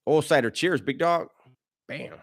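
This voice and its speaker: A man's voice: on the high side, a little slow. A man hosting a casual livestream, reading chat messages in a slangy way, laughing often and stumbling over his words.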